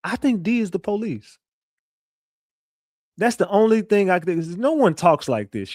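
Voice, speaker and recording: A man's voice: high voice, big pitch swings, measured pace, darkish tone, no room sound, clean studio sound. A man hosting a casual livestream, talking loosely and profanely, repeating himself and reading viewer messages aloud. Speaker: livestream host.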